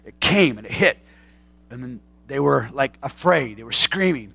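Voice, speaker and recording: A man preaching as a pastor, dramatic and swinging from loud declarations to hushed asides, with direct questions to his listeners. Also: mid-range voice, expressive, moderate pace, vocal fry, no room sound. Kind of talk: sermon.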